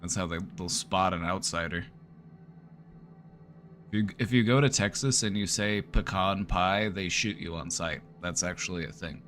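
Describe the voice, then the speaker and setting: A man's voice: sits low, moderate pace, fairly bright tone, faint music behind. A man streaming live, giving casual joking commentary with wry running reactions. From United States.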